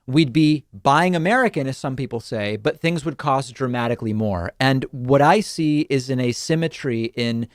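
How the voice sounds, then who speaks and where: A man hosting a call-in talk show, giving reasoned, even-handed political commentary. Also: mid-range voice, dry recording, clean studio sound. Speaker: talk show host taking calls.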